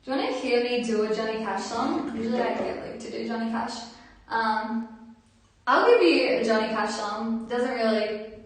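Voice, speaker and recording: A woman's voice: a little high, normal speed. A woman, a singer chatting casually on her livestream and reading out viewer comments in a friendly, filler-filled way. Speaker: singer hosting a livestream concert. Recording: very echoey room, far from mic, guitar.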